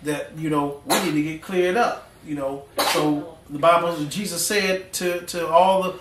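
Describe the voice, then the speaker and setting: Echoey, animated preaching man, heard from afar. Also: a little high, measured pace, background noise. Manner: folksy, animated preaching with slang and call-and-response. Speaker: pastor. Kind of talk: sermon. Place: church sanctuary. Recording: echoey church room, mic at a distance.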